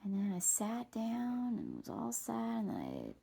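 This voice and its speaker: A woman's voice: fairly high pitch, wildly swooping pitch, unhurried, creaky, warm tone, slightly rough. A woman vlogging outdoors on a trail, telling a meandering personal story, swearing and laughing at herself.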